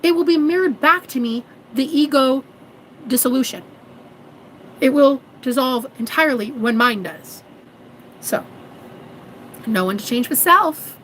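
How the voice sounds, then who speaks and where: A woman's voice: sits high, expressive, measured pace, pauses often, a bit bright, a little hiss or hum, low-quality recording. Sassy preachy woman in her thirties. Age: 30s. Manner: sassy and preachy, calls viewers girl and honey; swears freely. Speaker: manifestation coach. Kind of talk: casual vlog monologue.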